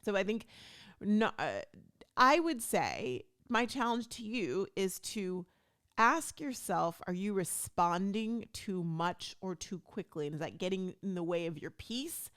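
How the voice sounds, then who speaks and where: An adult stepmom hosts her own podcast, speaking in an unhurried, medium-pitched voice. She chats casually and with plenty of animation, acting out the things people said to her.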